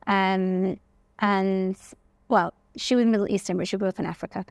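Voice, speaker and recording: Woman guest, gravelly tone, animated personal anecdotes, dry sound. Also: medium pitch, normal speed, no echo. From England. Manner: animated, acts out quoted voices, frequent "like". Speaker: guest, facial aesthetics practitioner. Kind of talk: personal storytelling interview.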